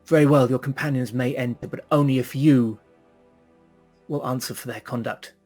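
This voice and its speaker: A man's voice: medium pitch, fairly even intonation, normal speed, darkish tone, faint music behind, natural voice. A man playing a proud, stiff knight commander who speaks curtly and haughtily. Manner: curt, haughty.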